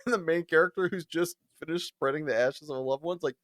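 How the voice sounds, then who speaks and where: A man's voice: a little high, fast talker, dry recording, clean studio sound. A man co-hosting a casual podcast chat, laughing often and acting out quoted lines as he retells scenes. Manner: animated, laughs often, acts out quoted voices. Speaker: podcast co-host.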